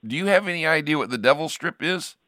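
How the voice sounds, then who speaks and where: A man's voice: a little high, lively intonation, fast talker, sharp tone, no echo, studio quality. An older man from Ohio, a pastor hosting a casual chat, telling rambling stories with frequent restarts and chuckles. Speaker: pastor and show host.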